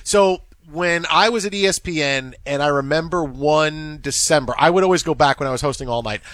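A high-pitched man hosting sports radio, jumping between quick stories and updates. His voice sounds dry and close to the studio mic. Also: dry recording. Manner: animated storytelling, quick asides. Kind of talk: casual sports radio chat.

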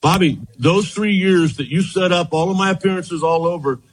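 A middle-aged man, a former baseball pitcher, telling rambling anecdotes in an interview, quoting others and restarting his sentences. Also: normal speed, husky, poor audio. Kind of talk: storytelling interview.

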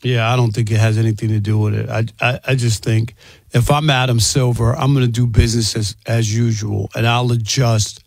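A man's voice: mid-range voice, flat delivery, brisk, vocal fry, dry recording, clean studio sound. A man co-hosting a sports debate show, teasing and skeptical. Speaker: sports talk show co-host.

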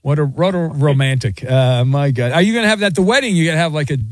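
A man hosting a sports talk show, running a quiz game with lively, joking asides. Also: fairly high pitch, fast, no room sound. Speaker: sports radio host.

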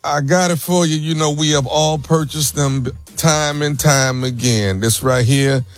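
A man on a radio show, introducing a prank bit in a playful, drawn-out way. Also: fairly high pitch, steady tone, soft background music.

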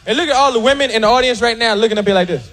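A man doing a stand-up routine on stage before a live audience, loud and animated, shouting his punchlines. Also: very high-pitched, very fast, background noise. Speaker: stand-up comedian.

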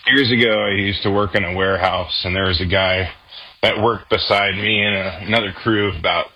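A man leaving a recorded message, telling a slow, drawn-out anecdote. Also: sits low, steady tone, pushed and bright, slightly rough, dull audio. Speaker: listener sending a recorded message. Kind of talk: storytelling voice message.

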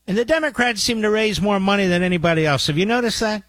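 A man's voice: high voice, fast, a bit bright, no room sound. A man hosting a talk radio show, delivering a combative, sarcastic monologue with mocking asides to his producer. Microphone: studio microphone.

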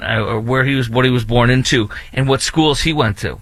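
A man's voice: mid-range voice, brisk, few pauses, fairly bright tone, no room sound. A man hosting an opinionated commentary monologue, indignant and repetitive, with many fillers and restarts. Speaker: political commentary host.

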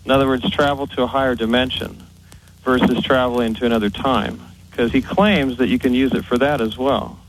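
A man's voice: medium pitch, fairly even intonation, brisk, background noise. Nervous earnest man calling in. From United States. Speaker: caller. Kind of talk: phone-in chat.

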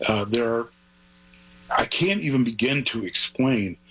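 A man's voice: medium pitch, animated, measured pace, bright, forceful tone, breathy edge, poor audio. An older man, a grandfather, talking as an author guest in an interview, rambling and earnest in a digressive way. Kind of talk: conversational interview.

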